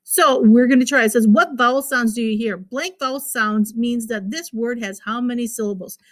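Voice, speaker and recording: A woman's voice: a little high, moderate pace. A woman teacher giving a recorded phonics lesson to children, patiently repeating words and sounding out their syllables.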